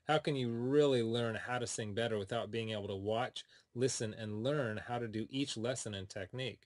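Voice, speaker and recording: A man, a singing teacher, delivering an upbeat, persuasive sales pitch for his course straight to the listener. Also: dry recording.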